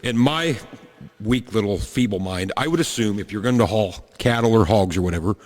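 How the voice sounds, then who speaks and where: A man talks fast and bluntly in casual banter, cursing freely and wry about it. His lowish voice rings with long reverb. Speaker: podcast co-host. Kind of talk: casual chat.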